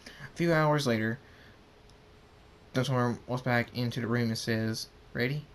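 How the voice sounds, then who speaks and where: Man reading a story, halting. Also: mid-range voice, smooth. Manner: halting, with frequent repeated words. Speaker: story reader. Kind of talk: reading aloud a fan story.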